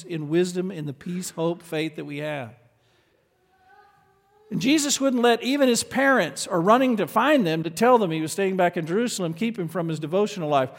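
A man delivers a sermon with earnest conviction, dropping to quiet asides and then rising to loud, emphatic lines. His voice sits a little high for a man. A long reverb from a large hall trails behind every phrase. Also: lively intonation, a little fast. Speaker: preacher.

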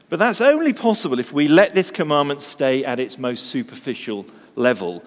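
A man's voice: fairly high pitch, very animated, normal speed, few pauses, in a large hall. A man preaching a sermon, telling stories with humor and asking the congregation rhetorical questions.

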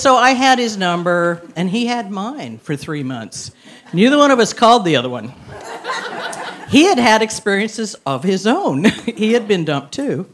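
A woman in her sixties tells a personal story on stage before an audience, wry and self-mocking, laughing through her lines. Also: low voice.

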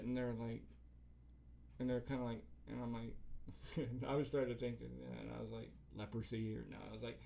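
A man's voice: mid-range voice, brisk, creaky, a little mellow. A middle-aged man co-hosting a podcast, telling a long, profane story with a lot of filler and acting out other people's lines. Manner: profane rambling storyteller, acts out quotes. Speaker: podcast co-host. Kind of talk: casual chat.

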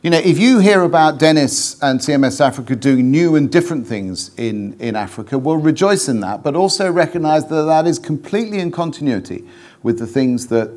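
A man's voice: medium pitch, darkish tone. A man giving a conference address as a leader of a mission organisation, often hesitating with fillers and restarts.

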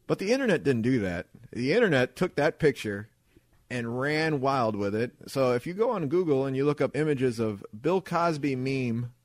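A man's voice: medium pitch, lively intonation, moderate pace, no echo. A man hosting a podcast, telling rambling, crude stories in casual chat and laughing along as he talks. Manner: rambling storyteller, profane and laughing. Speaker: podcast host.

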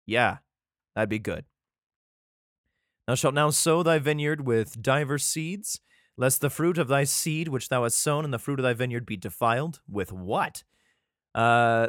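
Lively, irreverent man reading aloud. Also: medium pitch, no echo, clean studio sound. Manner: irreverent, swearing, joking asides; stumbles and restarts while reading archaic text. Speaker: vlogger reading scripture aloud. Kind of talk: reading aloud with casual commentary.

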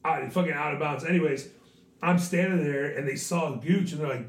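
A hoarse man with a craggy voice hosts a casual podcast chat, swearing freely and telling animated stories. His voice sits a little high. The room is echoey and the mic is some distance away. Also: a little fast. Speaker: podcast host and teacher.

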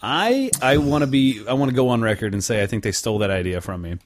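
A man's voice: mid-range voice, lively intonation, fast. A young man co-hosts a casual podcast. He talks in a rambling, joking way and swears freely. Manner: rambling, profane, jokey storyteller. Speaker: podcast host.

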